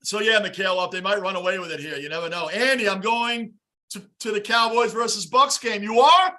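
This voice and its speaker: A man hosting a live football reaction stream, greeting chatters by name and shouting at big plays. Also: high-pitched, fairly quick. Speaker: livestream host reacting to a game. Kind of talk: live game reaction and fan chat.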